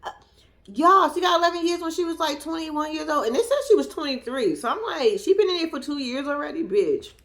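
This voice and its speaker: A woman recaps a reality show in casual reaction commentary, speaking expressively and briskly. Sassy and profane, she addresses her viewers directly, swinging between loud outbursts and low muttered asides.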